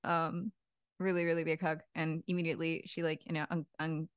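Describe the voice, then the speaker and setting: Casting: lower-voiced woman, tabletop player, chatty and loose, dry close sound. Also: flat delivery, a little fast, smooth, no echo. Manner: chatty, full of "like". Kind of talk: casual tabletop role-play.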